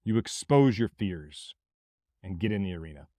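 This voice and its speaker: A man from Mississippi with a Southern accent, hosting a podcast as a blunt, forceful motivational monologue with plenty of swearing. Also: deep voice, expressive, moderate pace, no echo, studio quality. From Mississippi, USA. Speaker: podcast host.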